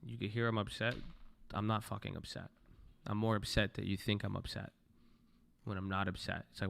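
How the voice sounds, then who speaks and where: Brief: young male livestream trader, gravelly edge, bright tone, blunt and profane, casual talk to viewers at his desk. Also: on the low side, little pitch movement, a little fast. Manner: blunt, swears, talks to chat.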